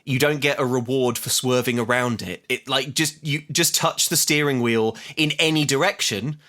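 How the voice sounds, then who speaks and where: A man with a bright, lively tone talks through a film's plot for a podcast. He wanders off into wry tangents as he goes. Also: medium pitch, normal speed. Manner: wry, rambling, recaps plot with asides. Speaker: podcast co-host. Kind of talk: casual comedic film recap.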